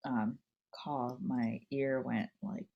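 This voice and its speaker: A woman's voice: very deep voice, steady tone, takes it slowly, gravelly, lo-fi sound. A young woman co-hosting a casual chat, rambling and laughing often as she talks. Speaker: podcast co-host.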